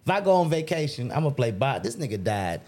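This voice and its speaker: A man's voice: medium pitch, very animated, fast, darkish tone. A man in his forties co-hosting a casual podcast chat, laid-back and storytelling, acting out quoted voices. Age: 40s. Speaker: podcast co-host.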